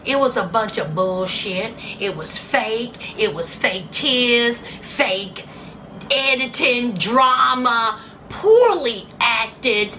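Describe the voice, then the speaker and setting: A woman's voice: fairly high pitch, expressive, drawn-out words, bright, forceful tone, slight background noise, poor audio. A woman giving casual, sarcastic commentary on a reality show, acting out scenes in put-on voices.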